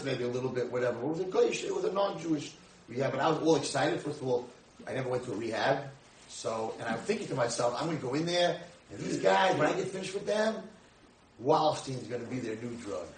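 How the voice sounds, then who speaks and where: Animated rabbi telling funny stories. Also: male voice, a little high, fast. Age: 60s. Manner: animated, jokey storyteller acting out dialogue. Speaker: rabbi and speaker. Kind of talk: humorous storytelling lecture. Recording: echoey room, from far off, faint hiss.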